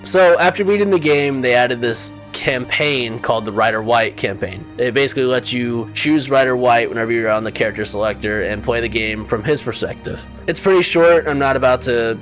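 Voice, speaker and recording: A man gives a casual, offhand recap of a game's plot. His delivery is sarcastic and unimpressed, in the manner of a relaxed commentary vlog. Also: medium pitch, brisk, hardly any pauses, faint music behind. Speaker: video game recap host.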